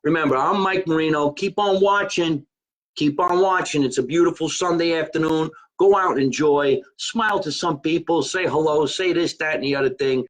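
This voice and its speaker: A man's voice: on the high side, a little fast, few pauses, low-quality recording. A man hosting his own live stream, chatting casually and joking in a rambling way. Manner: chatty, rambling, joking about being Italian. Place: his home.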